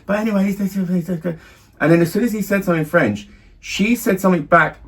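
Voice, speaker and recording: Rambling middle-aged dad. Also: male voice, high-pitched, fairly quick. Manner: rambling storyteller, many restarts and laughs. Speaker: podcast co-host, father. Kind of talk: casual chat. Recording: slightly distant mic, faint room noise.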